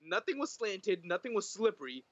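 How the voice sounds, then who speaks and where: A young man co-hosts a casual podcast, telling a story with earnest insistence and going back over his points. His voice is bright and a bit high, heard through a dull lo-fi mic with a dry, close sound. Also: very animated, moderate pace. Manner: earnest, insistent, repeats himself. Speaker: podcast co-host.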